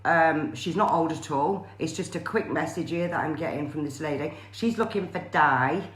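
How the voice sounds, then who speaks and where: Low-voiced woman giving a live reading. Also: roomy sound. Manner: hesitant, many fillers and pauses. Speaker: psychic medium. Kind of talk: live-streamed spirit reading.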